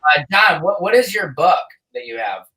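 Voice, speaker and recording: A man's voice: a little high, very animated, sharp tone, recorded from a distance, rough recording. Laid-back male podcast host. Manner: laid-back, quick to laugh. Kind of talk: casual chat.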